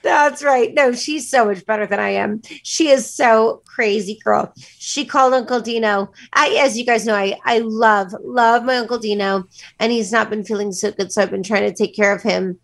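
A woman's voice: on the high side, fairly even intonation, moderate pace, gravelly. Bubbly gushing woman co-host. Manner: chatty and gushing, laughs often. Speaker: morning show co-host and news reader. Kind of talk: casual morning-show banter and news reading. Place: broadcast studio.

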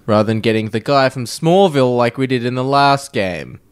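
A man's voice: medium pitch, moderate pace, clean tone. A man hosting a casual gaming news podcast, laid-back and joking, swearing now and then. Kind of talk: casual chat.

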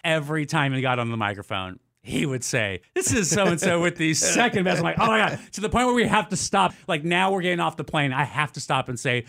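A man's voice: fairly high pitch, fairly quick, vocal fry, hardly any pauses, dry recording. A man in his thirties co-hosting a radio morning show, telling a story in casual chat and acting out quotes with a lifted voice. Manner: animated, acts out quotes with a raised voice.

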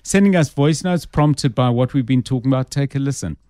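A man's voice: medium pitch, a little fast, very noisy. A South African man hosting a talk radio show, conversational and inviting listener calls. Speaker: radio host.

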